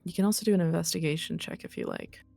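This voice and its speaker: A woman's voice: lowish voice, fast talker, creaky, dry recording, faint music behind. Casual woman game master. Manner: relaxed, filler-heavy narration. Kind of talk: narrating a tabletop role-play.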